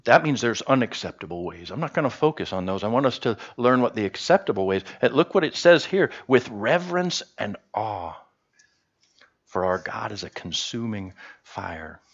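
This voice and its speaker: A man's voice: on the low side, normal speed, breathy edge, highs cut off. A man preaching a sermon to his congregation in a casual, conversational way, joking with them as he goes. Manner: humorous, conversational, animated. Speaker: pastor. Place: church service.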